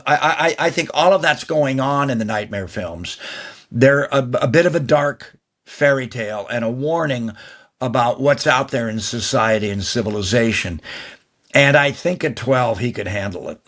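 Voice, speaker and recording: An older man, a guest actor, telling long stories in an interview, talking fast and restarting phrases as he goes. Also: mid-range voice, fairly bright tone. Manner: fast, rambling talker who restarts mid-phrase. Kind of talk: anecdotal interview storytelling.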